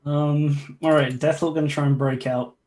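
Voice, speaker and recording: A man's voice: a little high, steady tone, normal speed, a little mellow, rough recording. A man who is the game master of a tabletop game, calling rolls in an easygoing, apologetic way.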